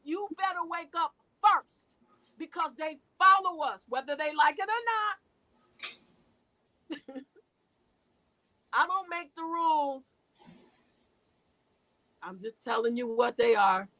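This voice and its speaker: A woman's voice: high voice, animated, slow, long pauses, pushed and bright, low-quality recording. A woman guest speaking in an emotional, preachy way, often repeating and restarting her words. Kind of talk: impassioned spiritual talk.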